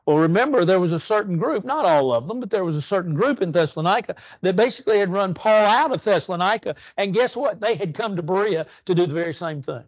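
An animated preacher gives a church sermon with earnest conviction, drawing out key words slowly and raising his voice for emphasis. His pitch is a little high, and the close, dry recording sounds slightly dull and muffled, with no room sound.

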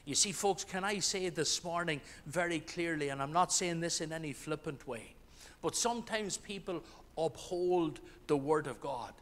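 A man's voice: a little high, moderate pace, a bit bright. A man preaching a sermon as pastor, earnest, with restarts and swells of emphasis. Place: church. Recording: church hall with long reverb.

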